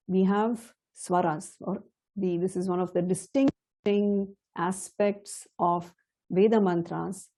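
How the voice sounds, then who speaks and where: A middle-aged woman teaching a chant, explaining slowly and carefully, now and then laughing softly. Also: medium pitch. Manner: slow, measured and explanatory, with soft laughs. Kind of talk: spoken lesson with chanted demonstrations.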